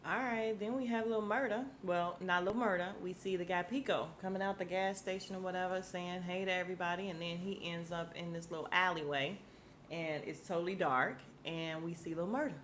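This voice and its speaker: A woman's voice: fairly low pitch, steady tone, a little fast, a bit bright, a little hiss or hum. A woman hosting a podcast, recapping a TV episode in a casual, slangy way, acting out the characters' lines and laughing often.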